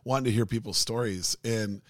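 A man with a fairly low voice hosts a podcast in easy conversation. He talks reflectively, building up his thoughts before asking a question. The recording is dry and close. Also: a little fast, dry recording. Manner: reflective, praising the guest. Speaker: podcast host. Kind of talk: casual interview chat.

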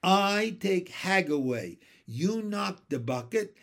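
A stubborn male frog prince from a storybook, dropping his words in slow, clipped, broken bursts, as a man reads him aloud. His voice sits a touch high and swings widely. The lines come out plodding and blunt. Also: very animated, fairly bright tone, heavily acted. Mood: commanding.

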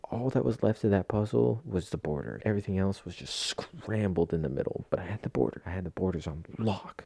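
Young male podcaster, deep and dark-toned, gravelly, laid-back monotone rambling, dry close sound. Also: no echo. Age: young adult. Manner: rambling storytelling, casual swearing, slang. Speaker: podcast host. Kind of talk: casual solo podcast chat. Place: at home, talking alone.

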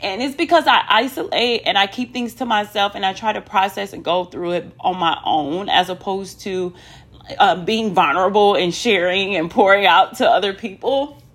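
A woman's voice: medium pitch, normal speed, fairly bright tone. A woman talking candidly to viewers in a casual personal vlog, chatty, with many ums and asides to "y'all". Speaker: vlogger.

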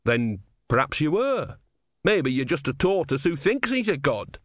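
A man's voice: fairly high pitch, big pitch swings, measured pace, no room sound, studio quality, voice pushed up. A man voicing a naive, pious young male novice monk, speaking earnestly and a little hesitantly.

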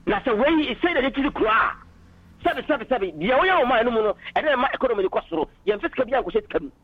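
A man's voice: very high voice, lively intonation, fast talker, husky, dry recording. A man calling in to a political radio talk show, arguing passionately and switching into English phrases, heard over a dull phone line. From Ghana.

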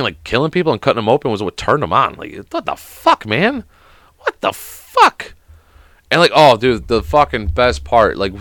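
A man's voice: on the low side, a bit bright, no room sound. Rambling, profane man hosting a podcast. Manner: profane, rambling, heavy on "like" fillers. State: sick. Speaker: podcast host. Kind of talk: casual solo podcast rant.

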